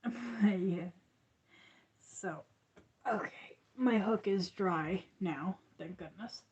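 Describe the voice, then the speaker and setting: A woman's voice: medium pitch, drawn-out words, a little mellow, husky. Rambly woman chatting on her craft livestream, laughs a lot, kinda muffled lo-fi sound. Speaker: crochet livestream host. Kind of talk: casual livestream chat.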